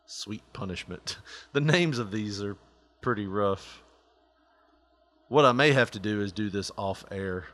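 A man's voice: fairly low pitch, unhurried, long pauses, fairly bright tone. A male podcast host in casual, joking chat who laughs often.

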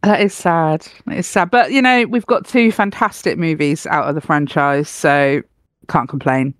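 A woman's voice: low voice, normal speed, dry recording, clean studio sound. A woman co-hosting a casual podcast, bubbly and giggly. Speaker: podcast co-host.

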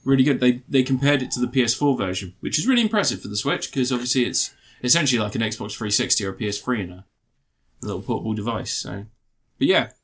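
A man's voice: medium pitch, a bit bright. Laughing, sweary guy. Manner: laughs often, sweary, rambling. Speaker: podcast co-host. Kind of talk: casual chat.

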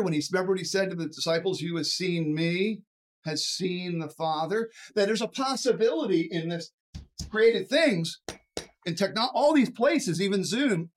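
Brief: energetic preacher, voice leaping up and down, chuckles between points, trips over restarts. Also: medium pitch. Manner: animated, stumbling restarts and repeated words; chuckles often while preaching. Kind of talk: sermon.

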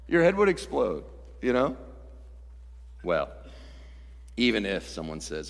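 A man preaching a sermon as pastor, animated and swinging from loud, excited passages to hushed ones. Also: low voice, slow, pauses often, in a large hall.

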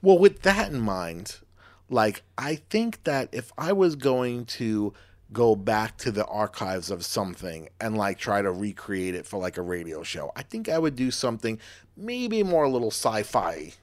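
Male podcast co-host, lively delivery, loose and jokey. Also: fairly low pitch, a little slow. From Long Island, New York. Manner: lively, joking, rambling with many fillers. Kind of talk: casual chat.

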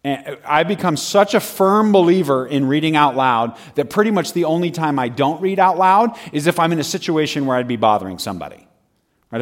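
A male preacher with an ordinary mid-range voice, giving a humorous and conversational sermon. He speaks with energy, often breaks into laughter and pushes his voice up for emphasis. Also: medium pitch.

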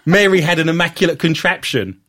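A man's voice: fairly high pitch, normal speed, pushed and bright. A man hosting a comedic podcast, reading odd news stories aloud, teasing his co-hosts and laughing often. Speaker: host.

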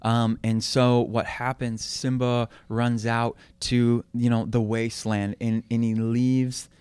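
A young man tells a story in an earnest, easygoing way, with plenty of ums along the way. His voice is smooth and resonant, recorded close and dry with no room sound. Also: mid-range voice, slow pace, dry recording. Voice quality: relaxed, filler-heavy, earnest. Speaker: guest. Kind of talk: casual faith chat with storytelling.

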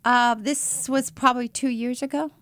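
A middle-aged woman missionary telling her story in an interview, animated and dramatic. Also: sits high, moderate pace, dry recording, clean studio sound.

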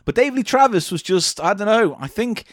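A man co-hosting a casual podcast chat, telling stories in a sardonic, animated way. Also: high-pitched, brisk, no echo, studio quality. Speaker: podcast co-host.

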